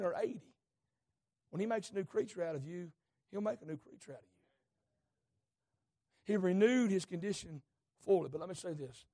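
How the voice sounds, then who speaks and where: A man preaching a sermon in a folksy way, moving from easy talk to fervent shouting. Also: high-pitched.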